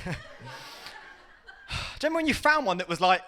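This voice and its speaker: A young Englishman doing a stand-up comedy set, excitable, with sudden loud shouty bursts. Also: sits high, brisk.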